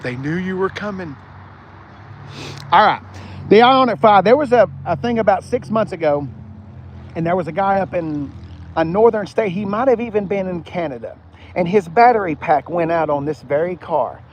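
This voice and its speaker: Outdoors on a car lot, a man hosts a rambling live-streamed car walkaround, chatting with viewers while recording on his phone's front camera. His voice is high with lively intonation at a normal pace, and the audio is dull with slight hiss or hum.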